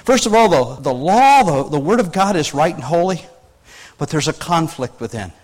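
A man with a notably high voice preaches a conversational sermon. He speaks earnestly and with animation, restarts his phrases often, and keeps checking in with his listeners. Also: moderate pace, low-quality recording. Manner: earnest, animated, frequent restarts, asks the audience questions. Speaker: pastor.

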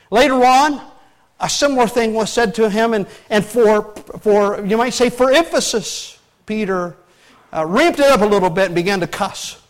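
A man's voice: sits high, moderate pace. A male pastor preaching a conversational sermon in a folksy way, often asking the congregation rhetorical questions.

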